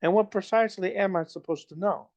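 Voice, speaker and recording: A man voicing a proud, sharp-tongued young princess who answers coldly and angers fast, in a storybook reading. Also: lowish voice, lively intonation, voice pushed up. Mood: indignant. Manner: cold, clipped, quickly angered.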